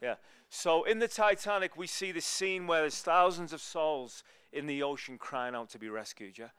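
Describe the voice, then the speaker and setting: Male guest preacher, chatty storyteller, somewhat high, smooth clear tone, dry close sound. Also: normal speed, no echo. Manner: conversational, storytelling, swings between loud and hushed. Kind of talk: sermon.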